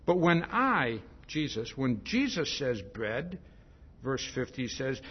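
A man's voice: medium pitch, slow, slightly rough. A male preacher giving an expository Bible sermon, emphatic, often asking "see?" to drive each point home. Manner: repeats "see?" often, emphatic, lively rises and drops. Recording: dull lo-fi sermon recording.

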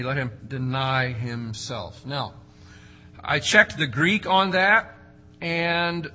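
A man's voice: mid-range voice, bright, forceful tone, a little hiss or hum, low-quality recording. A man preaching an expository sermon, emphatic, with rhetorical questions and strong rises and drops for stress. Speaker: pastor.

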